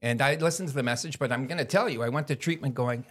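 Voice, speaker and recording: A man of middle pitch tells a raw story in casual podcast talk. He swears freely and is blunt. He slips into the voices of the people he quotes as he goes. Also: fast, fairly bright tone. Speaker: podcast guest.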